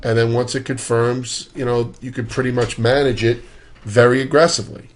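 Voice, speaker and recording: A man's voice: medium pitch, little pitch movement, normal speed. A man giving a casual, conversational walkthrough of stock charts, loose in his phrasing and dropping dry, sarcastic asides. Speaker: stock market analyst.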